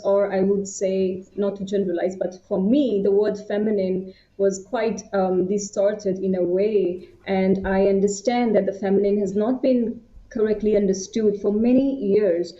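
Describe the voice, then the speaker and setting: A woman's voice: mid-range voice, fairly even intonation, a little slow, hardly any pauses, mellow. Reflective woman from India, roomy sound. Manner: reflective, with hesitations. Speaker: guest. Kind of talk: personal story in an interview. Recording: roomy, slightly muffled.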